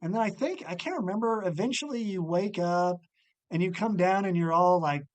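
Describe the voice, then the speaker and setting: Halting man recalling college days. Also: high voice. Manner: halting, with many restarts. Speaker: podcast guest, old college friend. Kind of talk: casual storytelling chat.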